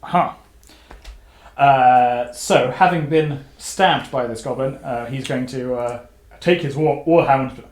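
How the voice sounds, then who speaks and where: A man's voice: mid-range voice, takes it slowly, echoey room. A man playing in a casual tabletop game, describing his moves in an easygoing, matter-of-fact way. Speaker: player.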